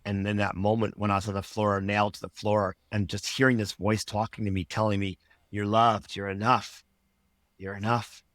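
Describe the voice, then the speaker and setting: A man's voice: fairly low pitch, little pitch movement, fairly quick, hardly any pauses, dry recording. A man who works as a life coach, telling a personal story as a podcast guest, earnest and rambling, acting out his past thoughts in quotes.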